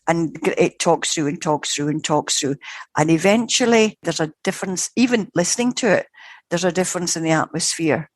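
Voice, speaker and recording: An older woman, a psychical researcher, telling a story in a lively, rambling way that keeps correcting itself. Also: on the low side, brisk, no echo. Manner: animated, digressive, self-correcting. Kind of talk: conversational storytelling.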